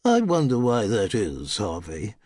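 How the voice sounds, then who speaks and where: A man's voice: fairly low pitch, huge pitch swings, measured pace, a little mellow, no room sound, studio quality, exaggerated voice. A man putting on a haughty old duchess. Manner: haughty, pompous, clipped. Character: imperious elderly aristocratic dowager duchess, woman.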